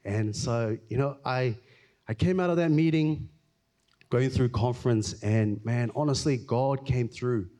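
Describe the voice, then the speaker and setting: A man giving an earnest, emotional personal testimony in church, often halting and repeating himself. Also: medium pitch, mellow. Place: church hall.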